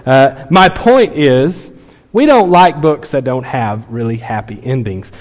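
A man's voice: medium pitch, expressive, a little slow. A man in his thirties preaching a sermon, telling a family story in a conversational way with many fillers. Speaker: pastor. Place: church sanctuary. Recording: long hall reverb.

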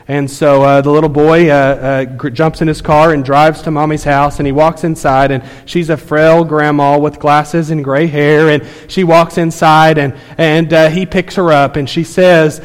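A man's voice: fairly high pitch, steady tone, normal speed, hardly any pauses. A man in his thirties preaching a sermon, telling a family story in a conversational way with many fillers. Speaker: pastor. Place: church sanctuary. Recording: long hall reverb.

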